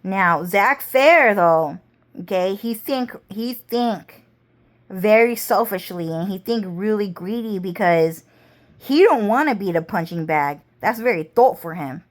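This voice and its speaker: A woman talking straight to the camera in a rambling casual monologue, full of swearing and drawn-out phrases. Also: medium pitch, expressive. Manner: rambling, heavy profanity, drawn-out.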